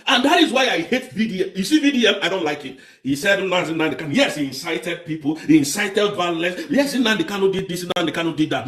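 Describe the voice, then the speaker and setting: A livestream commentator with a Nigerian accent speaks in a high, slightly bright voice from an echoey room. His political stream is impassioned, fiery and repetitive, full of rapid-fire rhetorical questions.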